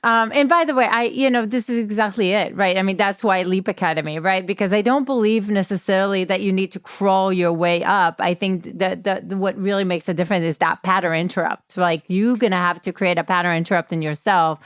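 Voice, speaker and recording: Woman podcast host, encouraging and reflective, smooth resonant voice, dry close sound. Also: mid-range voice, brisk, hardly any pauses, no echo. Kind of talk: interview conversation.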